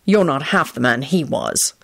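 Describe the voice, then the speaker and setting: A man's voice: mid-range voice, animated, measured pace, gravelly, pitched below the performer's own voice. A woman voicing a curt, stern adult man in a fan-fiction reading.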